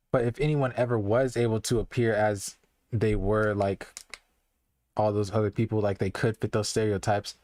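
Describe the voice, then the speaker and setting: A man's voice: lowish voice, a little mellow, dry recording, studio quality. Earnest rambling young man streaming. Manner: loose, rambling and earnest, heavy with "like" and restarts. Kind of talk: casual live-stream commentary.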